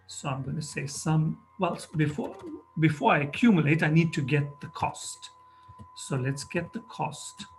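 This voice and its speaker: A man's voice: on the high side, expressive, a little slow, gravelly, a little hiss or hum. A man teaching a programming lesson, talking methodically through each step as he types. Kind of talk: screen-recorded coding tutorial. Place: at a computer, narrating over a screen recording.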